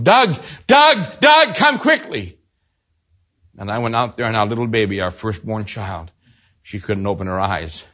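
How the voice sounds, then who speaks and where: An older man preaching a sermon, telling a personal story and swinging from loud exclaims to hushed low storytelling. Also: husky, muffled recording.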